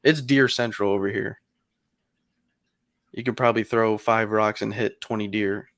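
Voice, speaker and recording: A man's voice: on the low side, fairly even intonation, normal speed, fairly bright tone, no echo, clean studio sound. A man co-hosting a podcast, telling a long story in casual chat with lots of fillers and some swearing. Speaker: podcast co-host.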